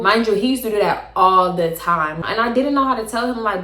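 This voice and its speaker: A young woman telling a personal story to camera in a casual, slangy, animated way. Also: medium pitch, fairly quick, few pauses. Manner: animated, slangy, acts out both sides of arguments. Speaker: storytime vlogger. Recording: echoey room.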